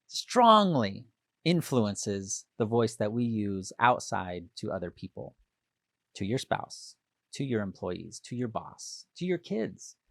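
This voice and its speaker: A man hosting a motivational leadership podcast, talking alone to listeners and acting out the inner voice with sudden loud outbursts. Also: medium pitch, no room sound, studio quality. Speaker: podcast host. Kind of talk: motivational solo podcast talk.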